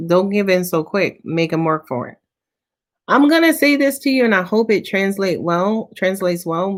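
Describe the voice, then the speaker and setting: A woman tarot reader answering viewers' questions on a live stream, talking in a casual, slangy, profane way and sounding tired. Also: lowish voice.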